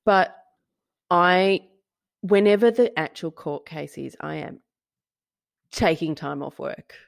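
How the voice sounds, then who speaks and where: A woman co-hosting a casual podcast, telling a story with gleeful, animated energy and the odd swear. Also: sits low, no room sound, clean studio sound. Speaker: podcast co-host. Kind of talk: casual chat.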